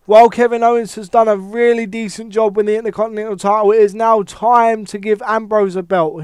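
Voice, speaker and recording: A man giving a casual, animated wrestling opinion monologue, swearing heavily and thinking aloud with many restarts. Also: sits high, clear, resonant tone, no room sound. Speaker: wrestling commentator.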